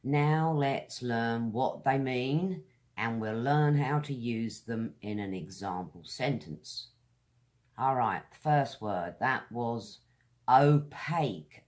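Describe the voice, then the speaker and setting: A British woman leads a pronunciation lesson at an unhurried pace. She draws each word out slowly and clearly. She speaks straight to her viewers in a friendly, direct way. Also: rumbling low. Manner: slow, deliberate, drawn-out words. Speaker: English teacher.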